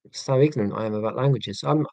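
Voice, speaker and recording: English male streamer, casual rambling chat, dry close sound, mid-pitched voice. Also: moderate pace, darkish tone, dry recording. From England. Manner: dry, self-mocking, rambling with many ums. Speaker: live-stream host.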